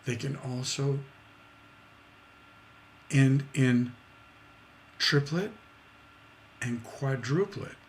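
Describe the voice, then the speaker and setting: This songwriting teacher on a livestream has a mid-range voice, drags out his words, and pauses often over slight background noise. His talk is chatty and loose, with plenty of fillers and restarts, and he vocalizes beats to show rhythms.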